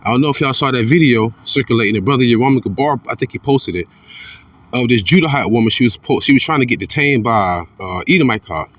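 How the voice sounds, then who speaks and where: A man giving an informal religious commentary monologue. He is blunt and profane, repeats himself, and swings between fired-up outbursts and low muttering. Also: expressive, quick pace, fairly bright tone, dry recording, distant mic.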